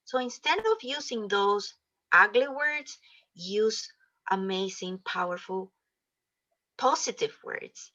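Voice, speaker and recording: A woman's voice: medium pitch, pushed and bright. Woman guest, encouraging self-love talk, slightly muffled video call audio. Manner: earnest, encouraging, acts out quoted self-talk. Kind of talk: motivational interview talk.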